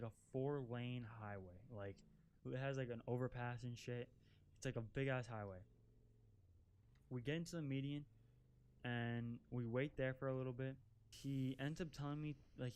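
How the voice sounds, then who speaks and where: His voice mid-range with a darkish, clean tone, a young vlogger drives an off-road vehicle while telling a laid-back storytime. The narration meanders with swearing and filler, "like" cropping up constantly.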